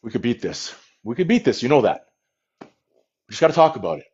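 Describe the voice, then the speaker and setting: A man's voice: mid-range voice, big pitch swings, fairly quick, a little mellow, breathy edge. A man in a comedic livestream, rambling and boasting to his viewers, talking into a phone held at arm's length. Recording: dull lo-fi phone stream.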